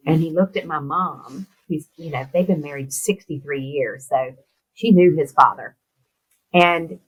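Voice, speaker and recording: Husky middle-aged woman telling a story. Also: sits low, low-quality recording. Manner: animated storyteller who acts out quoted voices. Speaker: interview guest. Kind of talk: storytelling in conversation.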